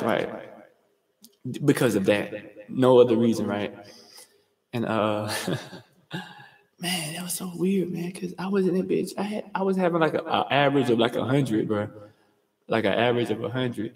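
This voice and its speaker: A young man from Georgia hosting a livestream, telling rambling, profane stories in slangy, fast casual talk. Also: medium pitch, vocal fry, a little mellow. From US state of Georgia. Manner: fast talker. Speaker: livestream host. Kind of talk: casual storytelling monologue. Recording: roomy with long reverb.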